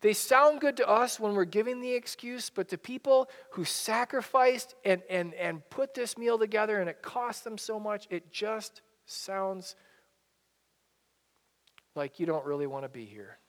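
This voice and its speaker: A man's voice: high voice, a little slow, a bit bright. Pastor guy preaching, chatty, keeps restarting his sentences, long church reverb behind him. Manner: conversational, repeats and restarts phrases. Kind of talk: sermon. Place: church sanctuary.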